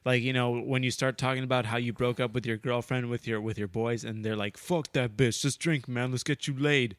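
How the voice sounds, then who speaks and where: A young man chatting casually as a podcast co-host, rambling and halting, full of filler words and restarts. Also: mid-range voice, steady tone, fairly bright tone, no room sound, clean studio sound. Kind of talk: casual chat.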